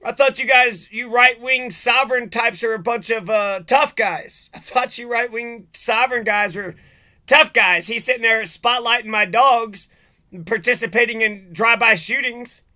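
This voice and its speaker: A man's voice: very high-pitched, moderate pace, bright, forceful tone. A man giving an agitated, profane, sarcastic rant in video commentary. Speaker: vlogger.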